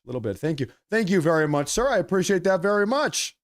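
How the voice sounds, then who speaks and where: A man hosting a political livestream, chatting casually with viewers and reading their messages, with a slight cough, animated and prone to repeating himself. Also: sits high, fast. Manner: animated, repeats phrases, apologetic asides.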